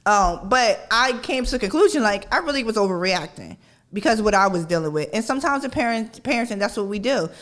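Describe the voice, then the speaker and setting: A middle-aged woman hosting a parenting radio show in a casual, conversational way. She keeps checking in with "right?" and acts out her own yelling. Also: mid-range voice, animated, quick pace. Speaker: podcast host. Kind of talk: casual talk-radio monologue.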